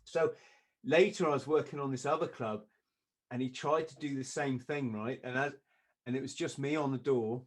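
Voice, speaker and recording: A man, a podcast guest, telling a story in a lively way, often laughing and acting out what others said. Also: medium pitch, normal speed. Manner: lively, acts out quoted voices, laughs often.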